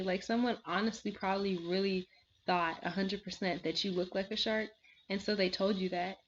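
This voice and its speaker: A woman's voice: medium pitch, moderate pace, a little hiss or hum. A woman reviewing a reality show in casual chat at home, seated, rambling with many fillers, with frequent laughs and sighs. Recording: slightly dull lo-fi recording.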